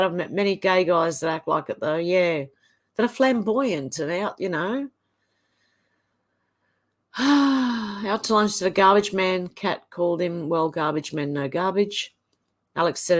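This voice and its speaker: An Australian woman hosting a livestream, reading viewers' comments aloud one after another and adding short offhand remarks. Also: lowish voice. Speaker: livestream host. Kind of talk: casual livestream chat reading.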